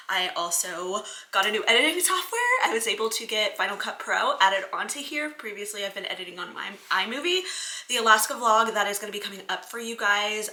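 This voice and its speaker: A woman flight attendant giving a casual vlog update, bubbly and giggly, gushing with excitement. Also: medium pitch. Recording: echoey room.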